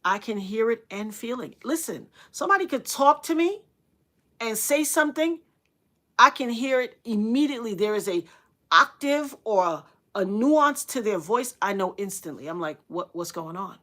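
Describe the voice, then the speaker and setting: A middle-aged woman telling a story on a livestream, earnest and dramatic, repeating phrases for emphasis and acting out what others said in sudden loud, high bursts. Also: expressive, normal speed.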